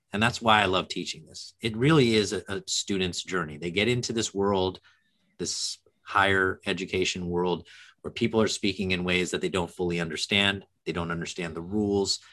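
A man with a fairly low voice speaks as a guest educator in a podcast conversation. He talks in a reflective, earnest way, with sudden bursts of animation. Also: a bit bright.

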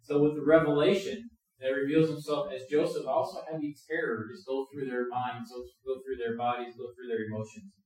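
A man preaching a sermon, earnest and emphatic, dropping into quiet, reflective asides. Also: mid-range voice. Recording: echoey room, mic far off.

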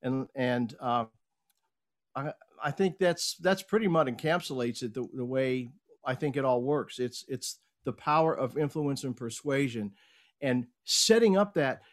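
A middle-aged man, a guest on an interview show, telling a business story in a casual, animated way and acting out the quoted lines. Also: medium pitch, measured pace. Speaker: podcast guest, speaker and coach.

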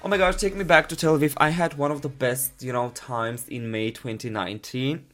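A man's voice: medium pitch, steady tone, fairly quick, a bit bright. A man co-hosting a reaction video, talking in an effusive, dramatic, gushing way. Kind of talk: excited casual reaction chat.

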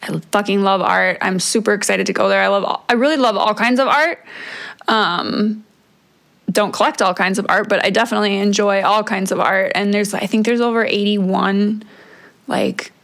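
A woman's voice: mid-range voice, fairly even intonation, moderate pace, gravelly, fairly bright tone. A middle-aged woman hosting a podcast on her own, talking in a casual, chatty way that is full of swearing and "like" fillers. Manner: chatty and profane, many "like" fillers. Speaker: podcast host. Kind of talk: casual solo podcast chat.

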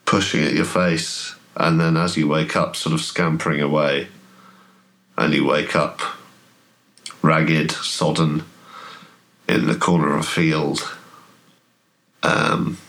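A man narrating as game master in a tabletop horror game, talking in a halting way full of fillers. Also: very deep voice, flat delivery, a bit bright.

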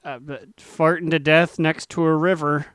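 A man's voice: on the high side, flat delivery, moderate pace, fairly bright tone, clean tone, no room sound, studio quality. A man co-hosting a casual gaming podcast, playful and teasing, who stretches out his announcements. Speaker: podcast co-host.

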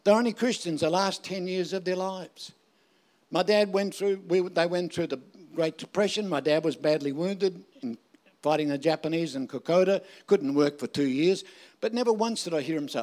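Older aussie preacher, kinda high voice, cracks jokes and keeps asking the crowd if he's lying. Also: moderate pace, darkish tone. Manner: jokey and emphatic, with rhetorical questions to the audience. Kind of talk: sermon with humorous stories.

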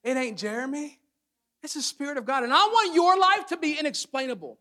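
A man preaching a sermon as pastor to his congregation, swinging between loud emphatic build-ups and quiet, hushed asides. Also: very high voice, sing-song, brisk. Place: church sanctuary with congregation.

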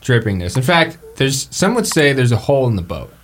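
A man's voice: medium pitch, sing-song, a little fast, background noise. A man narrating a tabletop game as game master, joking and full of fillers.

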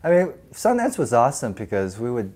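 A middle-aged man chats as an interview guest, his pitch leaping up and down with lively energy. He acts out the people in his stories and laughs a lot as he talks. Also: fairly quick. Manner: animated, acts out voices, laughs often. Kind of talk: casual storytelling interview.

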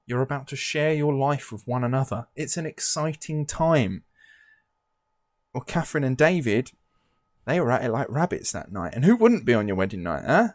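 A man hosting a podcast, telling a story casually and laughing often between "um, now" fillers. His voice sits at a middle pitch. It is recorded close and dry. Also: very animated, moderate pace, no echo. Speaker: podcast host.

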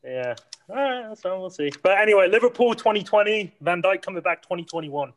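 A man's voice: high-pitched, expressive, fairly quick. A man chatting casually about football, swearing and laughing as he talks.

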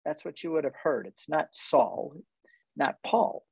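A man's voice: fairly high pitch, expressive, unhurried, creaky, darkish tone, husky, dry recording, low-quality recording. A man telling a personal story in conversation as a guest who leads tour groups, earnest and reflective and easily moved.

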